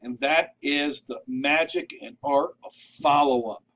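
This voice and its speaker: In an unhurried, fairly even delivery, a man with a slightly high, somewhat bright voice gives networking advice to camera as a vlogger. His talk is loose and conversational, full of asides and restarts, and he keeps checking in with "all right?" on a recording that sounds a touch dull and lo-fi.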